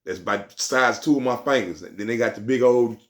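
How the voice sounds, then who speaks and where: A man's voice: medium pitch, brisk. A man telling a street story in casual slang, rambling and repeating himself.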